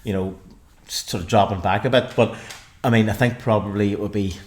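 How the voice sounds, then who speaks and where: Hesitant podcast host. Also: male voice, fairly low pitch, steady tone, fairly quick. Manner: rambling, hesitant restarts. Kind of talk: casual football chat.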